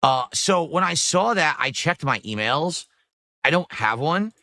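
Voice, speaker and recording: A man with a bright, forceful voice talks loosely and at length as he hosts a casual livestream. He reads out donor messages as he goes, and the sound is dry and close. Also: on the high side, animated, a little slow, no echo. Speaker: streamer host.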